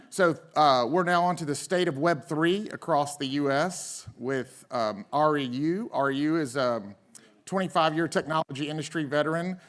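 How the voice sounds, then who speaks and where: Playful conference emcee. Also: male voice, medium pitch, a bit bright. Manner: playful, chatty. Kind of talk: stage introduction. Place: conference stage.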